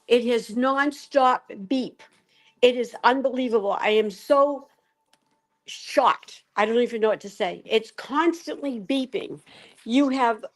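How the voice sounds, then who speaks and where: An older woman who runs an animal rescue, speaking on a video call, excitable and repeating herself. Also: on the high side. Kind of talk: casual chat on a video call.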